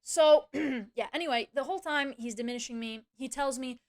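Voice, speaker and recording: A woman's voice: high-pitched, fairly quick, hardly any pauses. A woman streamer venting in casual chat, ranting and swearing, with many fillers and restarts.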